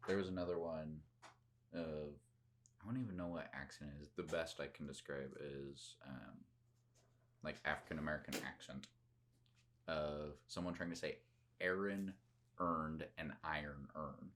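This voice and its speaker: Very deep-voiced woman commentator. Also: steady tone, normal speed, pauses often, a little hiss or hum. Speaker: film commentator. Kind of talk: casual movie commentary chat.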